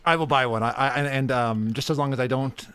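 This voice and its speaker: A man hosting a podcast, chatting casually and chiming in with eager quick affirmations. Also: medium pitch, fairly bright tone, smooth. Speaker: podcast host.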